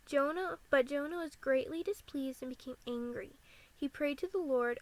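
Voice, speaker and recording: Young american woman vlogging about anxiety, high voice, earnest, lots of "like". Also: moderate pace, no room sound, poor audio. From United States. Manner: candid and earnest, frequent "like" fillers. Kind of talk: personal talk about living with anxiety.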